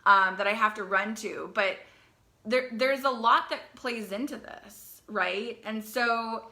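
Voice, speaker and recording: A young woman coaching teen girls, talking in a live video to parents in a fast, chatty way, often repeating herself and asking "right?". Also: on the high side, bright, forceful tone.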